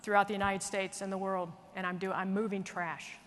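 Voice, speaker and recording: A woman's voice: medium pitch, level tone, a little fast, a bit bright, close to an everyday voice. A woman voicing a grumbling, proud male doctor. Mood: frustrated. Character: proud, frustrated male doctor, middle-aged. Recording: long reverb of a large hall.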